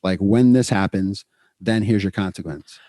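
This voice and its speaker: A middle-aged man co-hosting a podcast in casual, energetic chat, repeating words for emphasis. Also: low-pitched, normal speed, no room sound, clean studio sound. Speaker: podcast co-host, psychologist.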